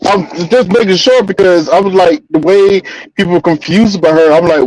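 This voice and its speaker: A man's voice: high-pitched, normal speed, darkish tone, dry recording, rough recording. A man co-hosting a casual live chat, hesitant and curious, often restarting his sentences.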